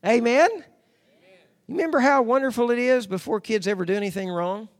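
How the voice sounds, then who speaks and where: A man preaching a sermon, calling for amens and repeating phrases for emphasis, moving from low, intimate passages to loud shouted declarations. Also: fairly even intonation, brisk. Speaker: pastor.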